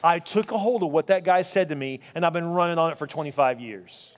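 A man in his forties preaching a sermon, animated as he tells a personal story and emphatic as he repeats his exhortations. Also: fairly high pitch, a little fast, hardly any pauses, big-room sound, a faint crowd, slight background noise. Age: 40s. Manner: animated storytelling, acting out others' lines.

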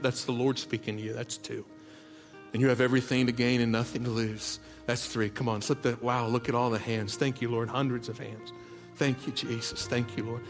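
A man preaching a sermon as a pastor, telling tender stories in a soft voice and building to loud, rallying calls to the congregation. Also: medium pitch. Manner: heartfelt storytelling that swells into loud rallying calls; drops to soft, hushed tones for tender moments. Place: large church auditorium. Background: soft background music.

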